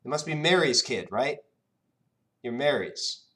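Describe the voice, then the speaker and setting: A man's voice: medium pitch, lively intonation, a little slow, fairly bright tone, pitched above the performer's own voice. A man doing a puffed-up, scatterbrained genie-like man. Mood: flustered guessing. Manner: boastful, scatterbrained, rambling guesses. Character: flamboyant forgetful blue-skinned genasi man.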